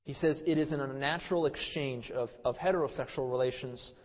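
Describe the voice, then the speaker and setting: Man, preacher, Bible sermon, emphatic, loud-to-quiet swings, muffled recording, long hall echo. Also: medium pitch, brisk. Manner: emphatic, swings between loud stresses and quiet trailing phrases, repeats words.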